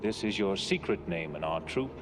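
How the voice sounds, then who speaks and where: An actor playing a grave desert tribesman who speaks slowly and ceremonially in a film. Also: low-pitched, animated. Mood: solemn. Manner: slow, solemn, ceremonial.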